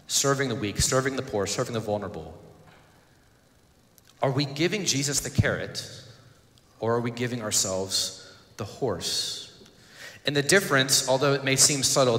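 A male pastor preaching a sermon in an earnest way, pausing and repeating words as he goes. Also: mid-range voice, bright, forceful tone. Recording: echoey church hall.

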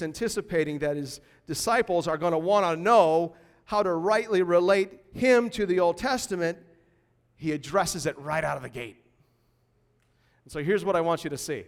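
Animated man preaching in a reverberant hall. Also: high voice. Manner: animated, conversational preaching with sudden emphatic bursts. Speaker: pastor. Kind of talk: sermon.

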